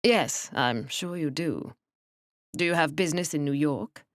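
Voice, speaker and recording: A woman's voice: low-pitched, measured pace, no room sound. A woman voicing a dry, sardonic British man in his own first-person story, speaking in an understated, acid way. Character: dry, sardonic middle-aged British man, narrator-hero.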